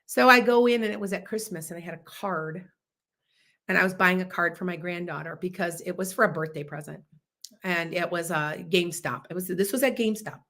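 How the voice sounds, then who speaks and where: Woman host in her fifties, loud, boisterous, casual live chat storyteller. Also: on the low side, fairly quick. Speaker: podcast host.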